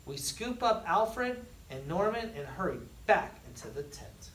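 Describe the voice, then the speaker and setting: A school staff member reading a picture book aloud to students, expressive, with dramatic pauses and sudden loud surges. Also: medium pitch. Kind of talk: storybook read-aloud. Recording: echoey room, distant mic, faint noise.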